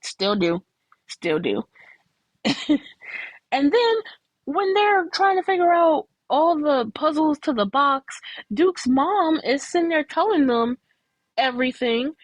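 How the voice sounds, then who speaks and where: A woman's voice: expressive, takes it slowly, dry recording, poor audio. A woman hosting her own show, chatting casually and candidly about a film she watched. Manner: chatty and candid, with frequent laughs and jumps to high pitch. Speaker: host reviewing a film. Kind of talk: casual chat.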